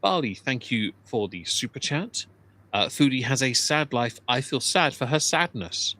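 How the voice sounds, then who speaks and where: Wry, bright-voiced man. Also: mid-range voice, animated, unhurried, slight background noise. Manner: wry, sarcastic. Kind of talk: casual stream commentary.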